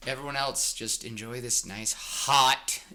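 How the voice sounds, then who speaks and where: A man co-hosting a podcast in casual chat, animated and quick to laugh. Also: medium pitch. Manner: animated, laughing, bouncy delivery. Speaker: podcast co-host.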